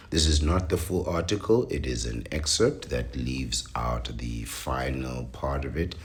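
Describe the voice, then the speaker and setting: A man with a rumbling low voice and vocal fry hosts a show, reading an article aloud. He keeps breaking off into opinionated, preachy rants that build in emphasis.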